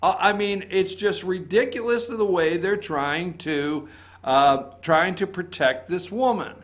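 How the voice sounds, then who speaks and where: High-voiced indignant male political commentator. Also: unhurried. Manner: indignant, emphatic, repeats points. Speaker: host of a political opinion show. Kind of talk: opinion commentary.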